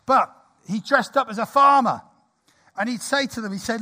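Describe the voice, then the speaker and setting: A man in his sixties preaching a sermon in a church, lively, jokey and conversational. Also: very high voice, moderate pace. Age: 60s.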